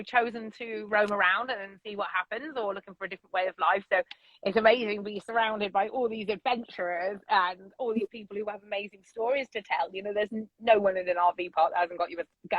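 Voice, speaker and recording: A middle-aged woman, a loud and unapologetic storyteller chatting as an interview guest from her vintage bus. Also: mid-range voice, steady tone, fairly quick, dry recording, highs cut off. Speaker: podcast guest. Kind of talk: casual interview chat.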